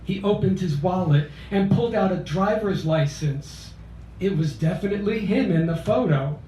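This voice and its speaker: A man in his sixties from Philadelphia, reading a memoir poem at a cafe open mic in a measured, deliberate way. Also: high voice, warm tone, slight background noise. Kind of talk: poetry reading of a memoir piece. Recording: roomy, distant cafe mic.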